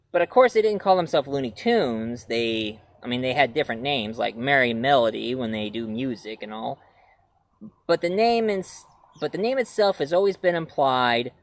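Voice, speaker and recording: A man's voice: medium pitch, no room sound. A man reviewing classic cartoons in a rambling, casual way with many fillers. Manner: rambling, frequent fillers, breaks into cartoon voices.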